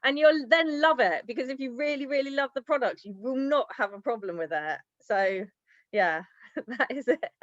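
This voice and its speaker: A woman's voice: high voice, normal speed, no echo. A woman sharing sales tips on a team video call, chatty and rambling, laughing often. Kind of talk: casual team-call talk. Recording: dry, dull lo-fi call audio.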